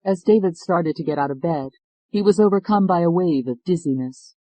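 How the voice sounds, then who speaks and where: A man's voice: on the high side, fairly quick, warm tone, no echo, rough recording. Man reading a novel, dry close voice. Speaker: audiobook narrator. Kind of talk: scripted narration.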